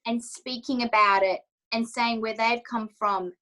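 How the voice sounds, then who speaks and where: A woman coach speaks candidly in an interview, her voice sitting somewhat high. She is emotional and open, slipping into the voice of her own inner thoughts as she tells her story. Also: steady tone, unhurried, pushed and bright, poor audio. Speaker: confidence coach, interview guest.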